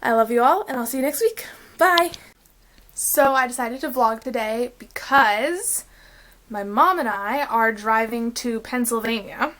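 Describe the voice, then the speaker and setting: A woman's voice: fairly high pitch, moderate pace, fairly bright tone, rough recording. A young woman chatting casually in a vacation vlog, rambling along with lots of "um" and "like". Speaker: vlogger.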